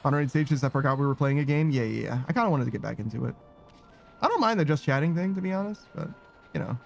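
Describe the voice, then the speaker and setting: Man streamer, casual rambling chat, animated, fairly high voice, faint game music. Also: fast, vocal fry. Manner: rambling, reads chat aloud, laughs easily.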